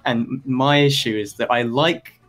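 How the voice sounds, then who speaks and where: A man talking over voice chat in an average-pitched voice. He speaks earnestly and meanders, often restarting mid-sentence. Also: normal speed, fairly bright tone. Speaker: voice chat participant. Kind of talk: casual debate chat.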